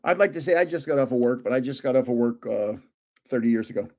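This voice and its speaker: A man's voice: medium pitch, expressive, quick pace, mellow. An older man hosting a casual live stream, chatting and joking as he guesses card names aloud. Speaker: livestream host opening trading cards.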